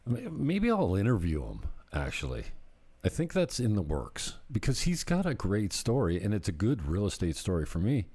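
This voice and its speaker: A man's voice: on the low side, huge pitch swings, normal speed, a little mellow, breathy edge. A middle-aged man who works as a real estate agent, chatting casually in a vlog and telling rambling, jokey stories. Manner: rambling, jokey storytelling with laughs.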